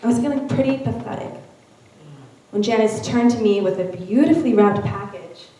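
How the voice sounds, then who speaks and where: A woman reading a first-person narrative aloud with expressive storytelling at a church event. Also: fairly high pitch, moderate pace. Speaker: reader at a church Mother's Day event. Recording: very echoey room, from far off.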